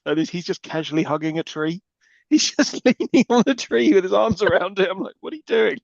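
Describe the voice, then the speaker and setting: A man's voice: sits high, expressive, brisk, creaky, dry recording, lo-fi sound. A man co-hosting a podcast, making mocking, jokey quips in casual banter. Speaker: podcast co-host.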